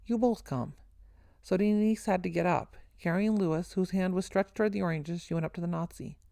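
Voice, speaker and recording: A woman narrating a first-person story in a steady, earnest reading voice. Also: lowish voice, brisk, creaky, dry recording.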